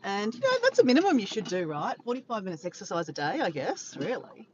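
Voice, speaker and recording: Talking a little fast with hardly any pauses, a very animated woman with a medium-pitched voice chats to her livestream viewers from her car. She's a tired Australian vlogger who rambles, greets people by name and corrects herself. The lo-fi sound is dull, with faint background noise.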